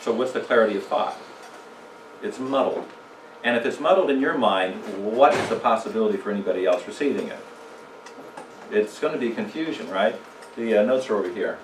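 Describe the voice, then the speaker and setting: A man of ordinary pitch teaches a church communication seminar, chatting with the audience and throwing them questions. His voice carries through an echoey room, picked up from a distance, with a faint hiss under it. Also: animated, fairly quick, pauses often. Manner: conversational, asks the audience questions, tells jokes. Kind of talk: casual church seminar talk.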